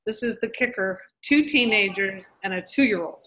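A woman's voice: mid-range voice, normal speed, bright, forceful tone, poor audio. A woman hosting a team video call, introducing speakers with upbeat praise. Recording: faint background noise.

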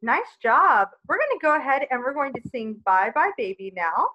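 A woman's voice: high-pitched, very animated, normal speed. A woman music teacher explaining note values to young children, friendly and step by step. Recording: dull lo-fi sound.

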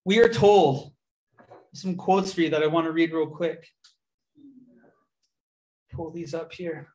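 A young man giving a testimony in a church, telling his story with lively quoted dialogue. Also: a little high, slow pace. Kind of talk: testimony sermon.

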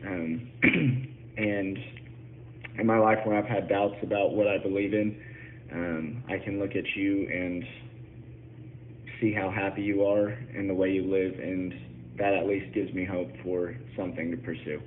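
A man speaks in a fairly low voice, pausing often as he gives a sincere birthday message to his sister. The sound is thin and phone-like, with a faint hiss underneath. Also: steady tone. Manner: halting, sincere, many pauses. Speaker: brother giving a birthday message. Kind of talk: recorded video message.

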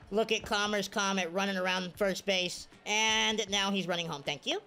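A woman's voice: medium pitch, moderate pace, creaky, few pauses, soft background music. A woman giving live video game commentary, cheering and groaning at every play. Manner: excitable, cheers and groans at plays. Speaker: gaming streamer.

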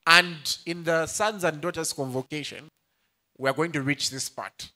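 A man's voice: fairly high pitch, moderate pace, sharp tone. A young male pastor preaching a sermon, playful, laughing often and calling out to the congregation. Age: young adult.

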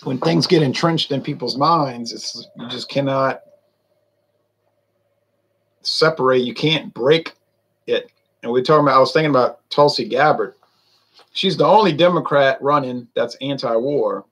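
A man's voice: medium pitch, slightly rough. A man talking in a folksy, meandering way, with many fillers, while reviewing a drink on his vlog. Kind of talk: casual rambling monologue.

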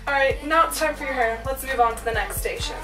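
A woman's voice: high voice, quick pace. A teenage girl in a comic school skit, coaching a friend in a bossy tone with casual valley-girl fillers. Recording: echoey room from a distant mic, music behind.

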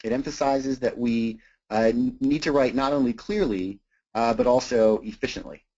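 Halting lecturer, dull lo-fi recording. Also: male voice, medium pitch, darkish tone. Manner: frequent "uh" and repeated words, thoughtful. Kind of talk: academic talk on teaching writing.

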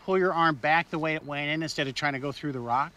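A man's voice: a little high, fast, bright, forceful tone. A man playing a comic ghost hunter, speaking in an earnest, plodding, mock-serious way. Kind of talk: improvised comedy sketch.

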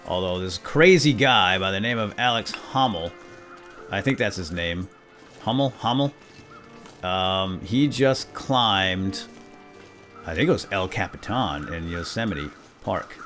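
A middle-aged man chatting excitedly through his own gameplay as a let's-play commentator. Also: sits low. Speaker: gaming YouTuber.

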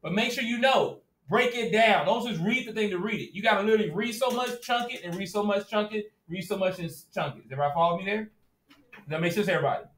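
A man's voice: sits high, fast, fairly bright tone. A male teacher giving a classroom lecture, talking casually and directly and often checking that students are following. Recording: echoey classroom, at times far from the mic.

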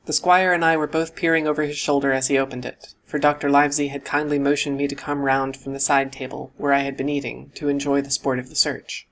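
Male audiobook narrator, steady and even delivery, scripted reading. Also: medium pitch, brisk, few pauses.

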